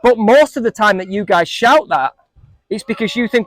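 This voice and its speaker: A man's voice: sits high, expressive, normal speed, fairly bright tone, no echo. A man coaching a group of young football players, asking them questions and joking with them. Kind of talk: coaching talk to a group of kids.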